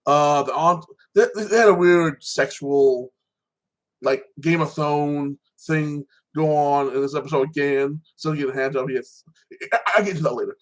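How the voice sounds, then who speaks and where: Speaking at an ordinary speed with a slightly high voice, a podcast host recaps TV episodes over a low-quality recording. He rambles casually, restarting sentences again and again and repeatedly adding "like that."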